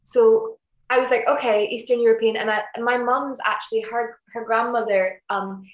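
A woman's voice: a little high, steady tone, normal speed. A young woman actress chatting casually in an interview, rambling with restarts and fillers over a video call. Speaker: actress interviewed about her series. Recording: echoey room.

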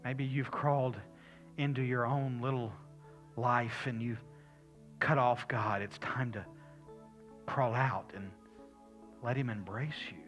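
Slow-preaching pastor, man, soft music behind. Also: medium pitch, steady tone, lo-fi sound. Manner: slow, swings between loud appeals and soft whispered prayer. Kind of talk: sermon and prayer.

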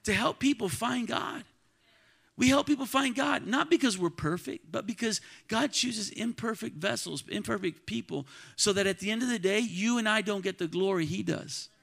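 A man preaching a sermon to his church congregation, calling out to the crowd and swinging between quiet talk and loud shouts. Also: high-pitched, normal speed, vocal fry. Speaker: pastor. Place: church sanctuary.

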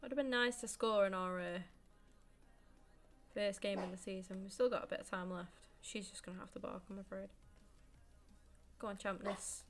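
A woman's voice: mid-range voice, steady tone, normal speed, pauses often, soft background music. Laughing woman streamer, swearing. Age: 20s. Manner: laughs often, swears, self-mocking. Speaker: gaming streamer. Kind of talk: casual live gameplay commentary.

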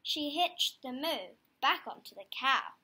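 A woman reads a children's picture book aloud in a slow, deliberate rhythm. Her voice is high and bright, and she shapes each line with expressive storytelling for young listeners. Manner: expressive storytelling, dropping low for narration tags.

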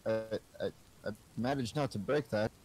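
A man's voice: medium pitch, normal speed, darkish tone, soft background music, low-quality recording. A man playing a tabletop game, speaking hesitantly with stammers and fillers. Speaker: player. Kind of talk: casual tabletop play.

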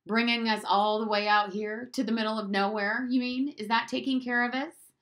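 A woman's voice: on the high side, sing-song, normal speed, fairly bright tone, pitched above the performer's own voice. A woman voicing an indignant nine-year-old boy who whines and insists on answers. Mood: sulky. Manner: whiny, insistent questioning.

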